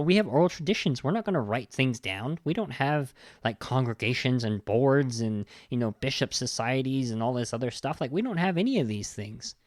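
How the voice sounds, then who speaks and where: A man of middle pitch talks through a film review in casual, heated podcast chat, often restarting sentences and swearing in exasperation. The sound is close and dry, with no room around it. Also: no room sound. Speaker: podcast host.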